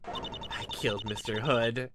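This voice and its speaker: A man doing an eerie deadpan young woman. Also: medium pitch, slow, very noisy, close to an everyday voice. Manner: flat, deadpan, cryptic.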